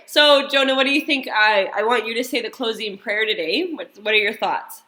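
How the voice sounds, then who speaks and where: A woman's voice: a little high, fairly quick, hardly any pauses, sharp tone. A woman in her thirties or forties, a mother telling a family story and then leading a church prayer in a casual, rambling way with many fillers. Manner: chatty, rambling, full of fillers and restarts.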